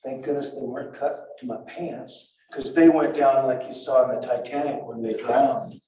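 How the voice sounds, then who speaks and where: An older man tells his story in halting bursts, stumbling over restarts and repeating words as he pushes on. His voice sits at an ordinary middle pitch. It is caught from some distance in a heavily echoing space. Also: fairly even intonation, mellow. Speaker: survivor telling his story. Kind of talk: spoken first-person recollection. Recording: very echoey and far from the mic.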